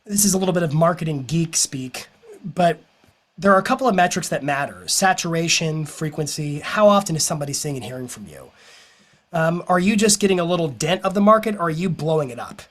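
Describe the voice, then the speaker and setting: A man who is a business coach, giving an energetic, persuasive motivational talk to a live audience and telling stories along the way. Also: a little high, brisk.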